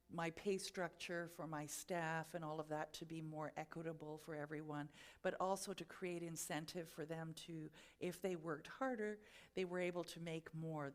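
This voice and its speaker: In a low voice, a female spiritual speaker preaches at a spiritual centre. Her personal story unfolds reflectively and with gentle guidance, punctuated by occasional self-directed laughter.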